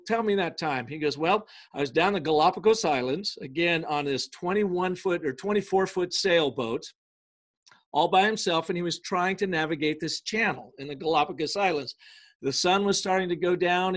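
Energetic man telling a business story. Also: fairly high pitch. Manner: energetic and emphatic, shifting between quick bursts and slow stresses; acts out quoted speech in dialogue. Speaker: business storytelling consultant, guest. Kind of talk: conversational interview, telling an anecdote.

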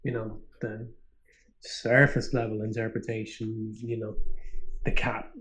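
A man talks in a flat, low-key deadpan, delivering an absurd analysis as if it were serious. He drops swear words in an offhand way. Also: a little slow, slight background noise, rough recording.

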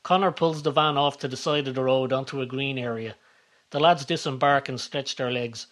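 A man reading a scripted comedic story, calm and measured in his narration. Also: medium pitch. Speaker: narrator and author of the series.

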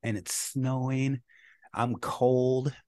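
A middle-aged man, a guest, recounting his life story in a casual, animated way and laughing at his own memories. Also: mid-range voice, very slow.

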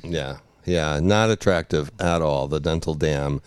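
Deep-voiced man telling a story. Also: measured pace, clean tone, no room sound. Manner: storytelling, laughs often. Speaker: former teacher telling stories. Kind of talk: casual chat.

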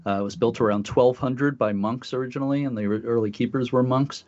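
A man's voice: medium pitch, steady tone, a little fast, darkish tone. A man co-hosting a talk show, telling a story casually with many fillers and restarts. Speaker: podcast co-host. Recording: dull lo-fi audio.

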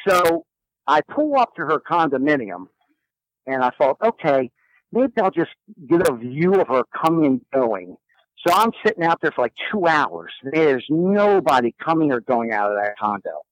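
A man telling a personal story as a guest, in a lively, animated way. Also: on the high side, moderate pace, no room sound, poor audio. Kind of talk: storytelling in a conversation.

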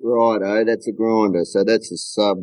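An Australian man, a lure maker, chatting casually on a call in a relaxed, joking way full of local slang. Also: fairly low pitch, normal speed, no room sound. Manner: laid-back, joking, uses local slang. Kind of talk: casual chat over a call.

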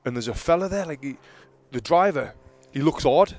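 A man's voice: a little high, moderate pace. A man telling stories in casual chat, acting out arguments with rising heat. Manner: animated storyteller who acts out arguments loudly.

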